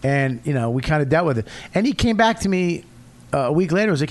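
A middle-aged man from Boston with a Boston accent, a comedian guest telling profane, animated stories in casual podcast chat. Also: on the high side, quick pace. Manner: profane, animated storytelling with acted-out quotes.

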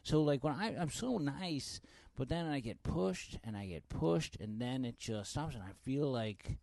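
A man, a stand-up comedian, telling stories in a podcast chat with heavy swearing and loud acted-out quotes. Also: medium pitch, a little slow, vocal fry. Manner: animated, profane, acts out quotes loudly.

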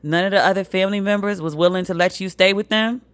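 A woman hosts a solo commentary podcast. She is blunt and profane, and her voice jumps high when she makes a point. The sound is dry and close to the mic. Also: fast talker, no echo. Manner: animated, swings pitch high for emphasis. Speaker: podcast host.

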